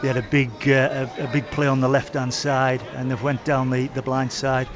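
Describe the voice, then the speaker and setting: A man in the co-commentator's seat, breaking down the play in a halting way full of pauses and restarts. His voice sits at an ordinary pitch. A stadium crowd is clearly heard behind the dull, lo-fi broadcast sound. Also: completely flat delivery. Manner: halting, many fillers and restarts. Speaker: expert co-commentator. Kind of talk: radio match analysis.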